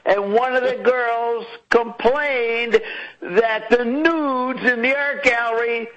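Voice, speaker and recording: High-voiced man telling stories on talk radio. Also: takes it slowly. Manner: animated, swears freely when telling stories. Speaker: radio co-host. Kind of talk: casual talk radio storytelling. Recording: dull lo-fi radio sound.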